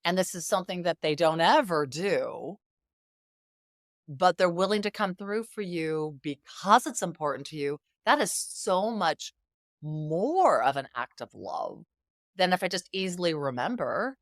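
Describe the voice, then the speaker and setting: Animated middle-aged woman telling stories. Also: on the low side, measured pace, dry recording, studio quality. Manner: animated, emphatic storyteller who acts out quoted dialogue. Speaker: guest. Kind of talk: conversational interview.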